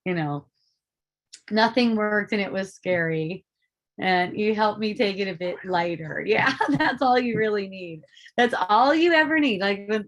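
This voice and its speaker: A woman hosting a casual live group talk, rambling, swearing freely and breaking into laughter often. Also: mid-range voice. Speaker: host of a spiritual dialogue group.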